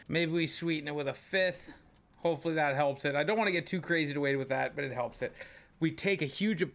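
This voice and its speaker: Young male gaming host, slightly high voice, chatty play-by-play that spikes into excited outbursts. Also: creaky. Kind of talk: gameplay commentary.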